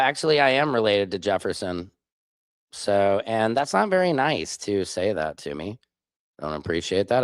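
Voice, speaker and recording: A man in his forties from Missouri hosts a casual live stream and answers his chat with sarcastic banter. His voice sits at a middling pitch. It sounds dry and close to the mic. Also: no echo. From Missouri, USA. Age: 40s.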